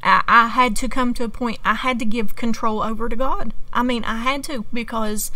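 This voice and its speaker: A woman leading a Bible study group and sharing a personal testimony in an earnest way, with pauses and restarts. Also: on the high side, steady tone, pushed and bright, dry recording, far from the mic, rough recording.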